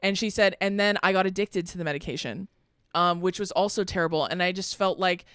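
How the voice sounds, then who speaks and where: A young woman co-hosting a podcast in casual chat, animated and swearing a lot as she acts out what people said. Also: on the low side, a little fast, clear, resonant tone, no echo, clean studio sound. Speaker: podcast co-host.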